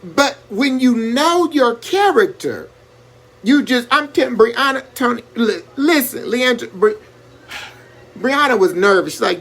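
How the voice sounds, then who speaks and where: A man hosting a live stream, talking in an animated, preacherly way and greeting viewers by name as he gives advice. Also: very high-pitched, measured pace, gravelly. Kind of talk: casual motivational live-stream talk.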